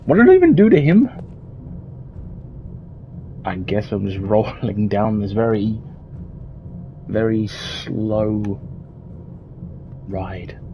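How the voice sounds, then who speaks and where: A man's voice: on the low side, a little hiss or hum, rough recording. A young man commenting on a horror game as he plays, swearing a lot and yelping when something startles him. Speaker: gameplay streamer. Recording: game music loud behind voice.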